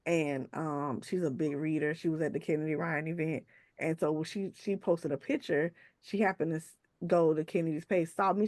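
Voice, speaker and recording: A woman author as a podcast guest, telling casual, animated stories in a colloquial way. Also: deep voice, normal speed, no room sound, studio quality. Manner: animated, colloquial, acts out voices of others. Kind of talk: casual storytelling interview.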